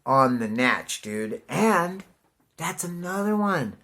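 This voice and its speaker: A man's voice: fairly high pitch, sing-song, takes it slowly, bright, forceful tone. A man in his forties from California, rambling casually to the camera, swearing and saying "dude" constantly. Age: 40s. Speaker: vlogger.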